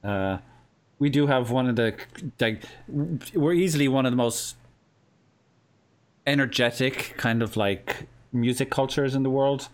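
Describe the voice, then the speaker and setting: A man from Cork speaking with an Irish accent, hosting a casual stream chat and joking with a guest. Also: medium pitch. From Ireland. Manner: joking, laughs often, fast restarts. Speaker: streamer host.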